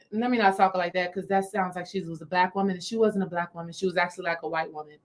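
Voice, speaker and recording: A woman's voice: medium pitch, fast, few pauses. A woman coaching on spiritual healing, telling a story on a livestream, talking straight to her viewers and repeating phrases for emphasis. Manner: animated, repeats phrases, talks to viewers directly.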